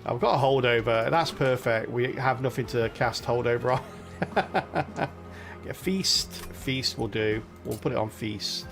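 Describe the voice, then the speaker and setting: A man's voice: mid-range voice, slow pace, creaky, music in the background. A young British man casually commentating his game on a live stream, chatty and laughing often as he talks to his viewers.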